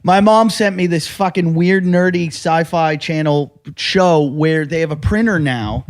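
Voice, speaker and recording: Male podcast host, high voice, excitable and profane storyteller. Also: a little slow. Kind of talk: casual podcast chat.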